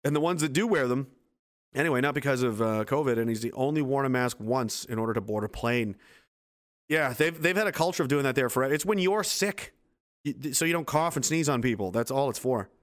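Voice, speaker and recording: At home base on a hot day, a man hosts a casual livestream, reading viewer comments aloud. His mid-range voice is expressive and fairly quick as he answers with sarcastic, profane, rambling asides.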